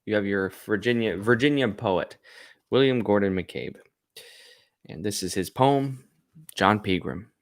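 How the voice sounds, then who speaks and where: A man's voice: fairly low pitch, measured pace, pauses often, no echo, clean studio sound. A man hosting a poetry reading show, talking casually and thinking aloud about the poems. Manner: thinking aloud, musing, with restarts. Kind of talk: casual spoken commentary on poems.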